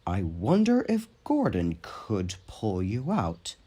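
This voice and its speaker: A man voicing a stern, stout male railway boss who speaks in a measured way. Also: on the low side, wildly swooping pitch, warm tone, heavily acted.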